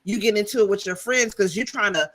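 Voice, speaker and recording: A woman's voice: mid-range voice, fast talker, fairly bright tone. A woman co-hosting a live TV review, talking in a sassy, blunt, slangy way. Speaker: co-host, TV reviewer. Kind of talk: casual live TV review chat.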